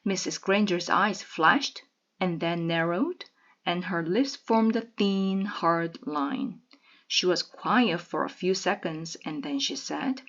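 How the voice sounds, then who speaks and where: A woman reads a children's novel aloud in a measured, expressive way. Her pace is slow and her voice a touch low. The recording is slightly dull and lo-fi. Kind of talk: reading aloud.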